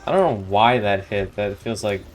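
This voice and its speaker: A man's voice: lowish voice, expressive, moderate pace, slight background noise, low-quality recording. A young man commenting on his own gameplay as a streamer, reacting with disbelief and frustration. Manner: reactive, incredulous, frustrated outbursts. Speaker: gaming streamer.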